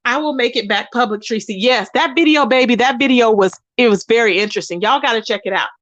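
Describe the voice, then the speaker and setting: A woman's voice: a little high, quick pace, a bit bright, no room sound, muffled recording. A woman hosting a casual livestream, reading chat comments and gossiping straight to her viewers. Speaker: channel host.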